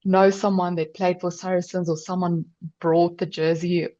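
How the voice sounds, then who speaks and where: A South African woman co-hosts a casual rugby chat, telling a story with easy laughter. Her voice sits a little low, and the recording is dry and slightly dull, like a remote mic. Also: flat delivery, moderate pace, warm tone, no room sound. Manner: chatty, storytelling, laughs often. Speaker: podcast co-host.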